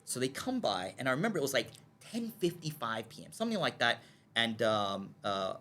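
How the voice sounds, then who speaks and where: A man telling a long story as a guest on a podcast, talking quickly with a lively, swooping voice. He acts out the lines of the people in his story and keeps asking "okay?" to check that his listener is following. When he gets excited he stumbles and repeats his words. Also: mid-range voice, slight background noise.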